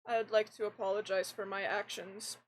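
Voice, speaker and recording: A young woman with a medium-pitched, fairly androgynous voice streams a game and chats with viewers at normal speed. She's animated and rambling, restarting often as she talks into a desk mic. The audio is poor, with a little hiss or hum.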